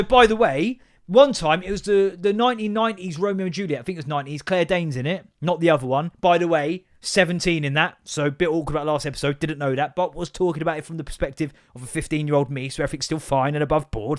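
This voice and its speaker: A man hosting a podcast, telling rambling, sweary stories in an animated, comedic monologue. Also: high-pitched, fast talker. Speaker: podcast host.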